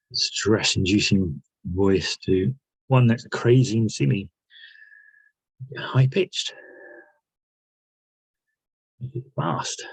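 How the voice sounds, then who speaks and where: A man leads a guided self-help session, posing one reflective question after another and often pausing to restart his sentences. His voice is husky and lowish, and he speaks very unhurriedly. The sound is close and dry. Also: dry recording, poor audio. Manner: reflective, asks many questions, pauses and restarts. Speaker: workshop leader.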